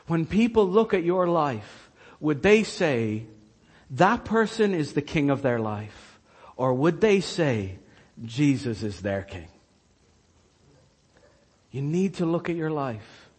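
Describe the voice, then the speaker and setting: Slow-spoken husky pastor in a reverberant hall. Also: male voice, mid-range voice, sing-song. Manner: slow, earnest storytelling with hushed quoted lines. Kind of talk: sermon.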